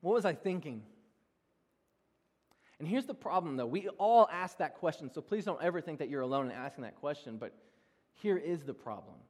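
Animated young pastor in a reverberant church. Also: male voice, fairly high pitch, normal speed, long pauses. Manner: animated, self-deprecating storytelling with laughs. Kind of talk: sermon with personal stories. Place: large church hall. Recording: long reverb of a church hall.

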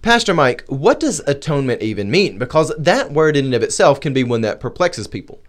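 Male pastor-host, lively pitch swings, emphatic questioning. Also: a little fast. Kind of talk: Christian discussion podcast.

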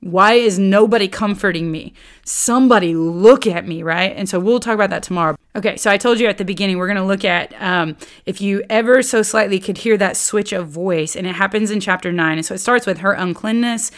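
A woman leading a casual Bible study, talking in a lively, conversational way. She keeps checking in with her listeners as she explains, and her voice sits at an ordinary middle pitch. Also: quick pace, hardly any pauses. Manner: chatty and animated, with many rhetorical "right?" and "okay?" checks.

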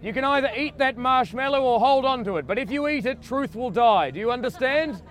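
High-voiced Australian man doing grandiose tour-guide patter. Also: expressive, brisk, a bit bright. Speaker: comedian leading a mock street tour. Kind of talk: improvised street comedy. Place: busy city street outdoors.

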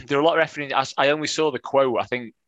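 A man's voice: mid-range voice, fairly even intonation, very fast, a bit bright, no echo, highs cut off. A man co-hosting a football fan podcast, chatting casually with wry, teasing banter and frequent restarts. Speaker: podcast co-host.

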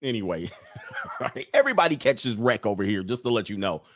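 A man's voice: fairly low pitch, big pitch swings, fairly quick, no room sound. A man hosting a livestream who goes on a casual, joking rant, laughs often, talks in loose slang and reads out viewer comments. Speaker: livestream host addressed as Coach.

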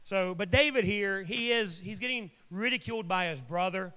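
A man preaching a sermon in a relaxed, conversational way, breaking in with joking asides. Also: high-pitched, moderate pace, smooth. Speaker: pastor. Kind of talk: sermon with casual storytelling. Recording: long hall reverb.

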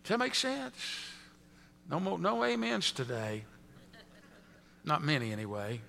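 Pastor guy preaching in church, high bright voice, long echo off the walls. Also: sing-song, a little slow, vocal fry, slight background noise. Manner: preaching, reading a story aloud to the congregation. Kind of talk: sermon.

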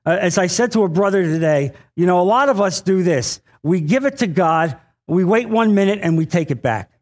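High-voiced earnest male preacher. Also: lively intonation, brisk. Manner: earnest, repeats phrases for emphasis, frequent "uh" fillers; addresses the congregation directly, asks for an amen. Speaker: pastor. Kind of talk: sermon.

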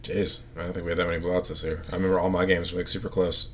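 A man's voice: low voice, flat delivery, racing, a little hiss or hum. A man co-hosting a podcast in casual banter, joking and self-deprecating. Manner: joking, self-deprecating, mimics voices in anecdotes. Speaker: podcast co-host.

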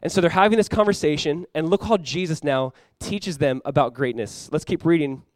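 A young adult man preaching a sermon as pastor, animated and acting out playful voices for the disciples. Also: on the high side, fairly quick.

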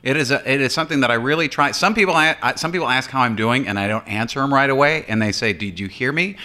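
A man's voice: medium pitch, fast talker, sharp tone. A man, co-hosting a casual talk show and rambling in a jokey, self-deprecating way. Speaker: podcast co-host. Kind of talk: casual chat.

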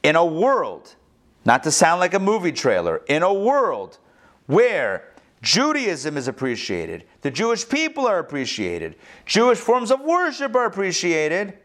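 A man, a rabbi, teaching a class in an animated way, throwing rhetorical questions at his students. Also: on the high side, measured pace. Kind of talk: interactive lesson.

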